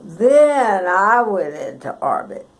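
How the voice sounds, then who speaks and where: An elderly woman spins a childhood tale at an unhurried, drawn-out pace. Her voice carries a gravelly, creaky edge, and she chuckles her way through the folksy telling, as in a recorded oral history. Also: medium pitch, very animated, rough recording. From Texas.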